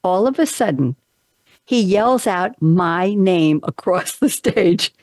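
A woman's voice: medium pitch, animated, moderate pace, dry recording, clean studio sound. A woman radio talk show host telling stories in a casual chat, acting out quoted voices with animation.

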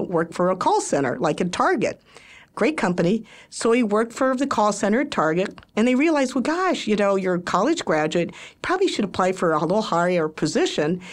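An older woman hosts a radio talk show from a studio. She talks in a chatty way, laughs often and loves a little anecdote. The sound is a clean studio microphone. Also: medium pitch.

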